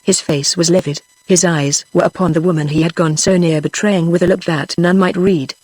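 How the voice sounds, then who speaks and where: A text-to-speech voice of a woman with a British English accent, narrating a historical novel in an even, steady way. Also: lowish voice, moderate pace, no room sound, poor audio. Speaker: audiobook narrator. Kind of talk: synthetic audiobook narration.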